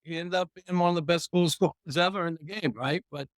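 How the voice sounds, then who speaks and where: Gravelly-free, high-voiced man spinning yarns. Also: brisk, dry recording, clean studio sound. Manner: rambling anecdotes, profane, chuckling. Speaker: guest, retired pro hockey player. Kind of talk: casual storytelling interview.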